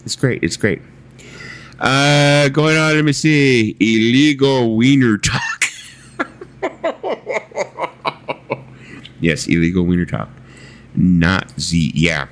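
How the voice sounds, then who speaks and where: A man's voice: mid-range voice, wildly swooping pitch, slow, pauses often. A man hosting a casual livestream chat, telling rambling stories and reading viewer comments aloud, swearing freely. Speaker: livestream host.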